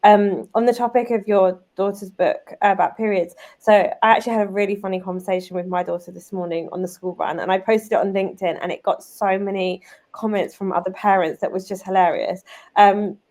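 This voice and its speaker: A British woman in her thirties, a guest and business owner, telling stories in a lively, chatty way full of "like" and "um". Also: medium pitch, a little fast. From United Kingdom. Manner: lively, chatty, many fillers like "like" and "um". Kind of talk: casual conversational storytelling.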